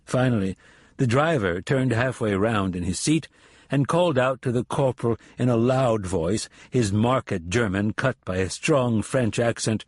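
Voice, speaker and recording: Husky guy narrating an audiobook, steady and even, dry close sound. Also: medium pitch, a little slow, dry recording. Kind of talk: scripted narration.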